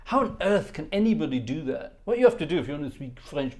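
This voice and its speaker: A man's voice: a little high, expressive, fairly quick, few pauses. A man hosting a live stream, chatting casually, reading out viewer comments and stumbling over French with self-deprecating humor. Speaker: livestream host. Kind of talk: casual livestream chat. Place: home studio.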